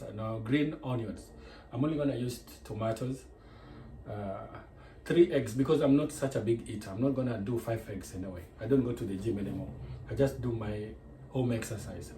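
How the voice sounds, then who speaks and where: Speaking at a medium pitch with a warm tone, a man with a Kenyan accent gives a chatty, digressive cooking tutorial, explaining each step from his home kitchen. The recording is echoey, with faint noise.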